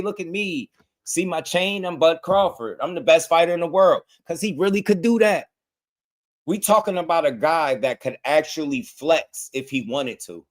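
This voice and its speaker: A man holding forth in casual, slang-heavy commentary about a fighter, his voice sitting a little higher than most men's. He talks straight to his listeners and breaks into chuckles between points. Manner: animated, slangy, laughs often, talks to the viewer as "Lisa". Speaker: boxing commentator. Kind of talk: casual opinion talk.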